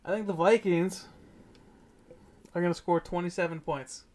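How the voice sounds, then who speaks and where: A man's voice: high voice, fairly even intonation, moderate pace, a little mellow. Blunt, teasing man in sports chat. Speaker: podcast co-host.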